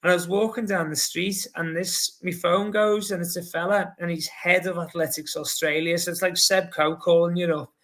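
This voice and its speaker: A Scouse man in his forties chats in a casual podcast. He tells stories with relish and slips into the voices of the people he quotes. His voice sits a little high for a man. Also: level tone, normal speed, few pauses, fairly bright tone. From Liverpool, England. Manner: chatty storyteller, acts out quotes. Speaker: guest, marathon runner.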